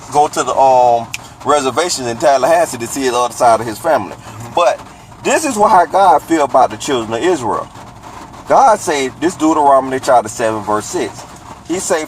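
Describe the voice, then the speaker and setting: A man in the middle of a casual scripture lesson, taking each verse apart and repeating lines slowly so they sink in. His pitch sits in an ordinary middle range. Faint outdoor traffic hums behind him. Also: low-quality recording. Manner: explains word by word, rereads verses slowly. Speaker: informal Bible teacher.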